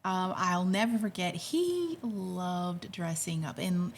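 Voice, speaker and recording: A woman in her fifties hosting a podcast, telling a family story in a casual, animated way. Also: lowish voice, takes it slowly. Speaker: podcast host.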